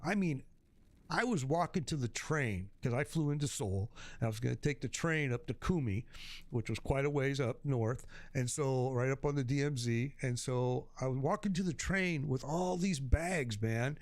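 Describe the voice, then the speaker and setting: A man's voice: medium pitch, normal speed, dry recording. A middle-aged man from Chicago, a streamer chatting casually and telling slangy stories with frequent laughs. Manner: storytelling, laughs often, slangy. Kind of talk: casual chat. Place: home streaming setup.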